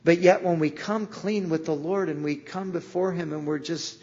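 Husky man preaching earnestly. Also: fairly high pitch, moderate pace, a little mellow, highs cut off. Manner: earnest preaching, acting out quoted voices. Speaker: pastor. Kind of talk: sermon.

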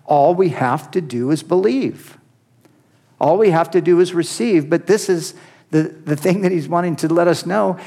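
A man's voice: on the high side, warm tone. A man preaching an expository sermon, earnest and emphatic, rising sharply on key points.

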